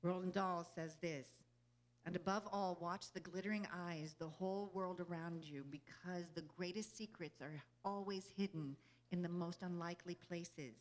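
A spiritual speaker, this woman talks to a group in an inspirational vein, her fairly low voice steady in tone and normal in speed. Earnest and conversational, she often asks listeners "you know?" and laughs easily as she moves between thoughts.

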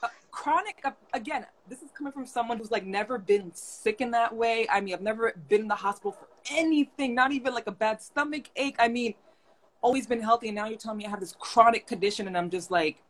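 A woman hosting a live-stream conversation, telling her story in an animated way and acting out the voices of the people she quotes. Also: a little high, quick pace. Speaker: host. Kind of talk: casual live-stream chat.

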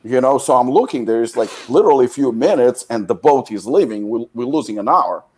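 Animated, swearing man telling a story. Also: medium pitch, brisk, breathy edge. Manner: animated storyteller, swears a lot, acts out quotes loudly. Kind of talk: casual chat.

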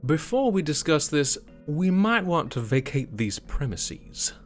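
A man's voice: fairly high pitch, very animated, a little slow, faint music behind. A man playing a tabletop game, polite and stammering at the start of lines. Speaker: player. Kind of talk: tabletop role-play.

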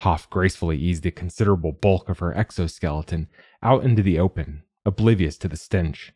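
A man narrating a novel in the first person with measured, steady delivery. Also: low voice, husky, no room sound, clean studio sound. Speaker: audiobook narrator.

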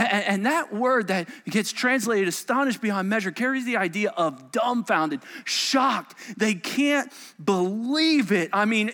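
A male pastor preaching a sermon to a congregation, telling the story dramatically and dropping into quiet asides. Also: high voice, big-room sound. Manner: animated, dramatic storytelling with sudden soft asides. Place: church sanctuary.

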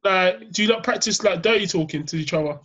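High-voiced young man chatting. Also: fast, a bit bright. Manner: loose, laughing, peppered with "innit". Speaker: podcast host. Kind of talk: casual chat. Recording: dull lo-fi sound.

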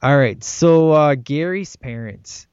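A podcast co-host chats casually about a film he loves, rambling enthusiastically and often adding "man" to his sentences. His voice sits on the high side, slow, a little mellow, clear and resonant. There's no room sound, and the lo-fi recording is dull and dry.

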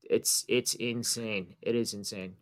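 A man's voice: fairly low pitch, steady tone, measured pace. A man co-hosting a podcast, chatting casually and hesitantly with many ums and restarts. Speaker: podcast co-host. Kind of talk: casual chat.

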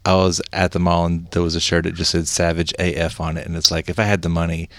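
A man's voice: low voice, little pitch movement, quick pace, dry recording, studio quality. A man, hosting a casual chat, rambling and laughing easily as he tells stories. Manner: chatty, rambling, laughs often. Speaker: podcast host.

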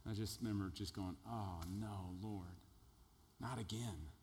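A middle-aged man preaching a sermon as a personal testimony, animated in his storytelling and swinging between loud jokes and quiet, earnest passages. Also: on the low side, a little slow, slight background noise. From Texas. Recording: echoey hall with long reverb.

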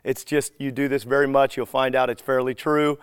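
A man teaching a live group in a relaxed, conversational way. He acts out bits of everyday dialogue as he tells his stories. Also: mid-range voice, fairly quick, clear, resonant tone, dry recording, studio quality. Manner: animated storyteller who acts out dialogue.

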